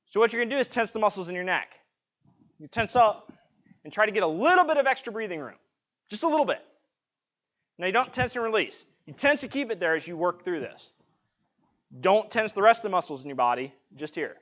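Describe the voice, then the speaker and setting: A man with a fairly high voice leads a live-streamed self-defense class, talking casually and checking in as he demonstrates. He wears a clip-on mic, and the audio is dull and lo-fi. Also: animated, a little fast, long pauses, fairly bright tone. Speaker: martial arts instructor. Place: martial arts studio. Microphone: clip-on mic, sometimes knocked off.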